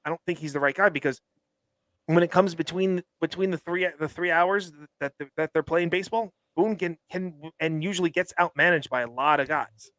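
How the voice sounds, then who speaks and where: A man's voice: fairly high pitch, a little fast, fairly bright tone, no room sound. A man co-hosting a sports podcast, arguing his points emphatically with frequent restarts. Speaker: podcast co-host. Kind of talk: casual sports chat.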